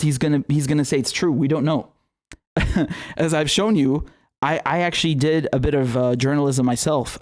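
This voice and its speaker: A young man with a fairly high voice runs his own political commentary show. He talks off the cuff in a sarcastic, mocking tone, swears freely and keeps breaking into laughter. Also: a little mellow. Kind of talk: casual livestream commentary.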